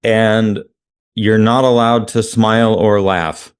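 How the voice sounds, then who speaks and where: A man co-hosting a podcast in casual chat, relaxed, chuckling through loose rambling asides. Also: on the low side, takes it slowly, clean tone. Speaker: podcast co-host.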